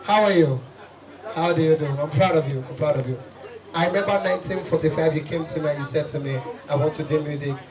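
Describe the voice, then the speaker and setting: A man's voice: a little high, fast. A Nigerian man performing as comedian and host at a party, teasing the guests in pidgin. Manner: teasing, mixes pidgin and Yoruba. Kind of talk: stand-up comedy banter. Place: outdoor party venue. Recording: echoey, distant, party music and crowd.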